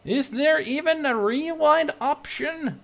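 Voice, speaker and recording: A man commentating a let's play of a game, excitable and exclaiming as he rambles aloud. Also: extremely high pitch, slow pace, vocal fry. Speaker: gamer.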